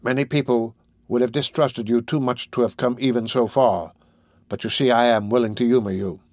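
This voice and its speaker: A man reading the lines of a kindly, measured gentleman in a storybook. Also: mid-range voice, fairly even intonation, no room sound, clean studio sound, lightly acted. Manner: measured, soothing. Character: kindly older gentleman, calm and reasoning.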